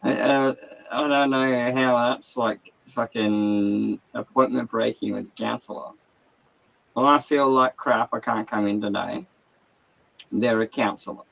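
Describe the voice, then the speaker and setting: A man's voice: mid-range voice, fairly even intonation, unhurried, gravelly, fairly bright tone, poor audio. An Australian man hosting a casual livestream, ranting with heavy swearing from his caravan. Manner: agitated, heavy swearing, rambling. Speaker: livestream host.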